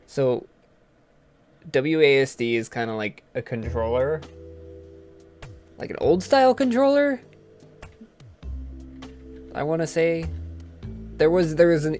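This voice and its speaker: A gaming host chats loosely and rambles as he plays, laughing at his own slips, at a middling pitch. Faint game music sits behind his voice. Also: a little slow, long pauses, a little mellow. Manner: chatty, rambling, laughs at himself. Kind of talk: casual let's-play commentary.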